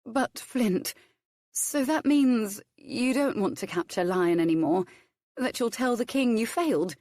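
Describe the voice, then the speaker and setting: A woman's voice: fairly high pitch, animated, unhurried, darkish tone, no echo, pitched above the performer's own voice. Woman narrator playing a tense, eager young lady for an audiobook, lifted voice, dry close sound. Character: spirited young noblewoman, nervous and eager. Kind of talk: audiobook character reading.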